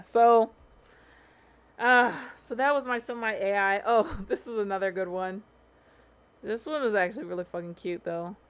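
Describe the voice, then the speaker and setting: A woman hosting a casual livestream, talking in a chatty, slangy way and swearing freely. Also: mid-range voice. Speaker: livestream host.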